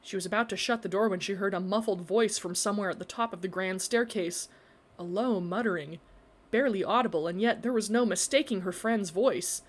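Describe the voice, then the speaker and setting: A woman narrating a story in a measured, expressive reading. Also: medium pitch.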